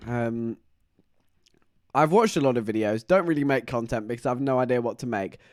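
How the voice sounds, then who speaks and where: A man's voice: mid-range voice, fairly quick, dry recording, studio quality. A man chatting casually on a live stream, rambling through stories and laughing often. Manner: rambling, animated storytelling with frequent laughs.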